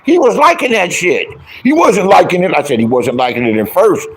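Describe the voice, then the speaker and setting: His voice is high, animated and fairly bright, moving at a fairly quick clip. The middle-aged online commentator and would-be comedian trolls his way through a crude, bragging story, performing other people's lines with scornful impressions.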